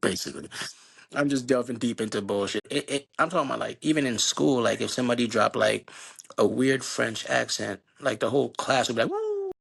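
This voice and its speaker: A middle-aged man from Haiti, a podcast guest telling animated, slangy stories about growing up. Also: medium pitch, brisk, gravelly, slightly rough. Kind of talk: casual storytelling conversation.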